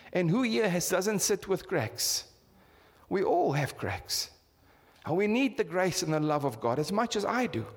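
A fairly high, husky voice with vocal fry belongs to a South African pastor in his fifties. Over a church hall's long, ringing reverb he swings widely in pitch, pressing his congregation with one rhetorical question after another in his sermon.

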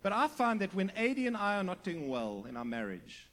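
Middle-aged pastor with a fairly high voice, preaching a chatty but earnest sermon. He goes quiet to land his points. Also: huge pitch swings, a little fast, slight background noise. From South Africa. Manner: earnest preaching with sudden drops to hushed emphasis; conversational, with asides and restarts.

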